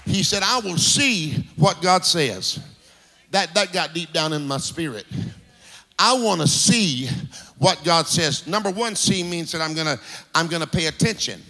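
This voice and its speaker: A man pastor preaching a sermon in a rhythmic, sing-song style that swells into shouts. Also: a little high, animated, unhurried. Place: church sanctuary. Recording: reverberant hall with music underneath.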